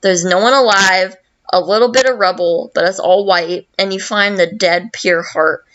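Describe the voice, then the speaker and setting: A woman's voice: medium pitch, fairly bright tone, lo-fi sound. A young woman hosting a podcast, retelling a story casually in a rambling way, with a lot of swearing and fillers. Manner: slow and rambling, heavy swearing, many fillers. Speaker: podcast host.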